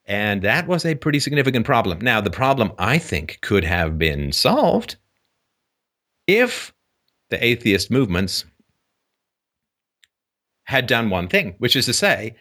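A man hosting a call-in show, talking in an animated, joking way with frequent restarts. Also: mid-range voice, a little slow, long pauses. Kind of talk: casual call-in conversation.

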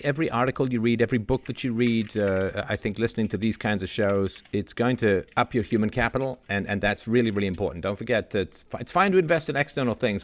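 A man hosting an online roundtable, talking in an animated, emphatic way in casual discussion. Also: fairly low pitch. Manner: animated, emphatic, mimics other voices. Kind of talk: casual panel discussion, ranting.

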